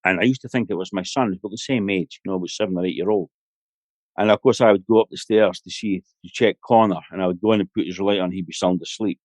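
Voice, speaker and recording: A man's voice: sits low, fast talker, a little mellow, no room sound. A middle-aged Scottish man, a guest on a podcast, telling a long personal story in a rambling, anecdotal way full of "you know". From Scotland.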